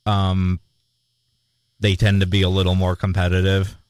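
A man's voice: low voice, completely flat delivery, moderate pace, dry recording. A man co-hosting a casual chat in a laid-back, agreeable way, often answering with short "yeah"s. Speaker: podcast co-host.

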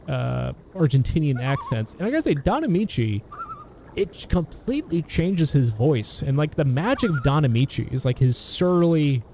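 A man chatting casually about old films, meandering and halting, often restarting his sentences. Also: medium pitch, mellow, a little hiss or hum. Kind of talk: casual film discussion.

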